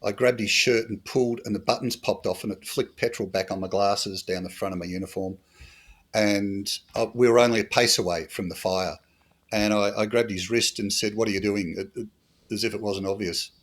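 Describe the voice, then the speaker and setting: A middle-aged Australian man with a low, deep voice tells stories from his years as a bush police officer. He is dry and humorous and says a lot of "uh" and "um" in an unhurried interview. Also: fairly even intonation. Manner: dry humorous anecdotes with fillers. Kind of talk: storytelling interview.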